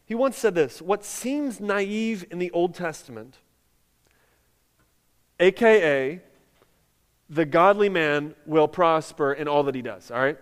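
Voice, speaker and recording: A man's voice: on the high side, takes it slowly, long pauses, clean tone. A man preaching a sermon as pastor, talking conversationally with lots of "like" and building to emphatic peaks. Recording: long hall reverb.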